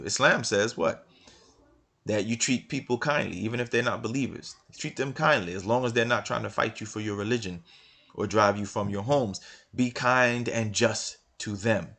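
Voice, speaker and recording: A religious commentator reads passages from a book aloud and comments on them argumentatively, restarting often and hammering his points with repeated rhetorical questions. He has a lowish voice with vocal fry and a sharp tone.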